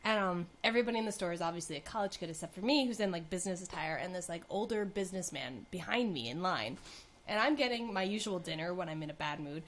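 A woman's voice: on the low side, lively intonation, quick pace. A young woman co-hosting a casual chat, telling stories and laughing often. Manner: giggly storyteller, laughs often.

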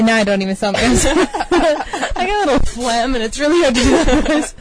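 A woman's voice: on the high side, expressive, moderate pace, pauses often, very noisy. A young adult woman co-hosting a casual podcast, joking and laughing often. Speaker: podcast co-host. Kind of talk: casual chat.

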